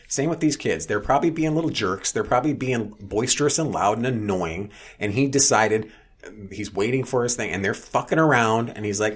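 A man telling a story in casual chat, blunt, profane and animated. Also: mid-range voice, fairly quick, husky.

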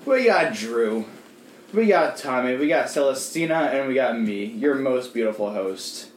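A man's voice: medium pitch, lively intonation, measured pace. Joking young male podcast host. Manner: joking, swears freely, laughs often. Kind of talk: casual chat. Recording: echoey room with faint noise.

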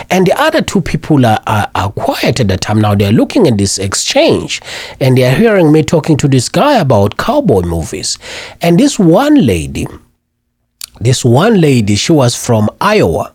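A man in his forties from Africa, hosting a radio talk show and telling a story in an animated, chatty way. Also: mid-range voice, moderate pace, husky, dry recording.

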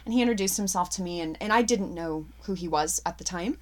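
A middle-aged woman, an actress, chatting in an interview, telling stories with animated laughter. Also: on the low side, fast. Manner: animated, laughs often, expressive storyteller. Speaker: actress guest. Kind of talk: casual interview chat.

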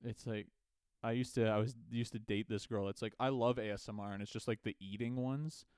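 Rambling, foul-mouthed young podcast co-host. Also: male voice, on the low side, fairly even intonation, a little fast, a little mellow, clear, resonant tone, dry recording, clean studio sound. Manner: rambling, swears a lot, laughs often. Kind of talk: casual podcast chat.

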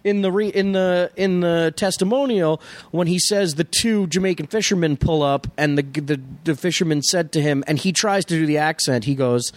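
A man co-hosting a podcast in casual chat, rambling through stories with animated impressions. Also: a little high, normal speed, no echo. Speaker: podcast co-host.

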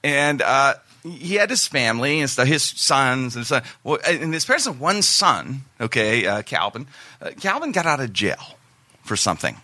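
Animated, rambling male storyteller. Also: mid-range voice, normal speed, no room sound. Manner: animated, rambling, self-interrupting. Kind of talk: casual storytelling chat.

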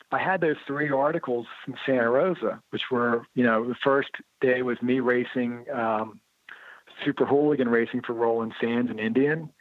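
A man's voice: medium pitch, no echo. Man telling stories over a tinny line. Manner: lively anecdotal, acts out quoted dialogue. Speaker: interview guest, motorcycle writer and blogger. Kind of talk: casual storytelling interview. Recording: tinny phone-like line, dry.

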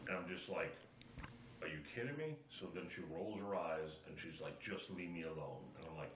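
A middle-aged man on a podcast, telling a family story in a lively, animated way and acting out the quotes. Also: low-pitched, fairly quick. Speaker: podcast co-host. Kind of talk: casual chat, storytelling. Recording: echoey room with faint ambient noise.

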